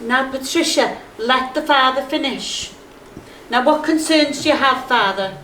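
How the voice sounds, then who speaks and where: A woman's voice: sits high, a little slow, a bit bright. An actress with a Liverpool accent playing a fussy, devout mother who is easily flustered. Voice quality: fussy, exclaiming. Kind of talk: stage play acting. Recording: echoey stage with faint noise.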